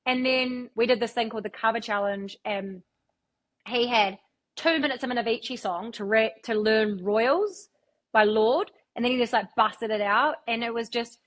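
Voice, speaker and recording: A woman's voice: on the high side, moderate pace, a bit bright. A woman, a radio broadcaster telling stories as a guest in a casual interview, swearing freely. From New Zealand. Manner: chatty storyteller, swears freely.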